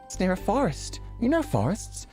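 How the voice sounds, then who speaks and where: A man's voice: high-pitched, huge pitch swings, normal speed, darkish tone, soft background music, pitched above the performer's own voice. A man voicing an eager young elf adventurer in a fantasy game who rambles and stammers nervously. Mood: excited rambling. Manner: hesitant, stammering, talks itself in circles.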